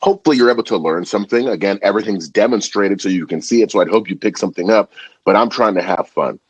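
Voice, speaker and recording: Husky young guy on a podcast, animated and slangy, swears a lot, dry close sound. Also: lowish voice, quick pace, dry recording, dull audio. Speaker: podcast guest, food content creator. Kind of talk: casual chat.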